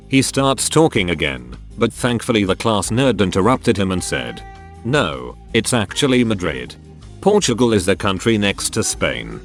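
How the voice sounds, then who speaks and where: A man narrating online posts aloud in a matter-of-fact storytelling delivery. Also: lowish voice.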